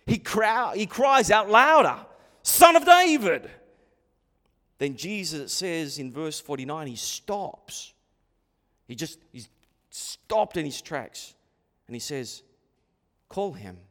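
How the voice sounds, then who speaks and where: A man preaching a sermon as pastor, dramatic, dropping to a hush and rising to a shout. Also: a little high, expressive, takes it slowly, in a large hall.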